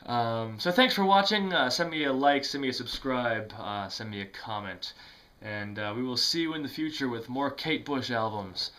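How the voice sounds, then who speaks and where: Rambling man with a bright voice. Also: medium pitch, moderate pace. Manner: rambling, many fillers and restarts, self-deprecating laughs. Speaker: music vlogger. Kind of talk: casual talk to camera.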